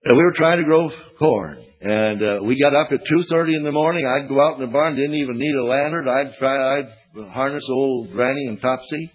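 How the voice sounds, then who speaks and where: Older American preacher, folksy and plainspoken, slightly husky voice, lo-fi old sermon recording. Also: male voice, medium pitch, brisk, hardly any pauses. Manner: folksy storytelling, plainspoken humor. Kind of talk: sermon with storytelling. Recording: dull lo-fi archival sermon tape.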